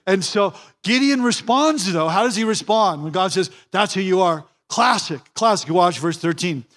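A man's voice: high-pitched, expressive, normal speed, fairly bright tone. A man pastor preaching a sermon in a church, repeating key phrases for emphasis and acting out the voices he quotes.

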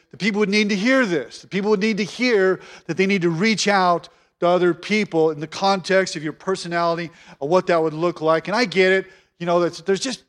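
High-voiced pastor preaching a sermon. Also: male voice, a bit bright. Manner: earnest, repeats phrases for emphasis.

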